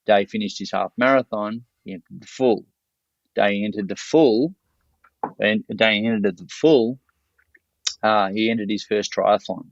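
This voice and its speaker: A man's voice: lowish voice, steady tone, moderate pace, no room sound. An Australian man, a podcast guest, telling a story in a blunt, salty, loose way. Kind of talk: casual storytelling. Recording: dull lo-fi dry recording.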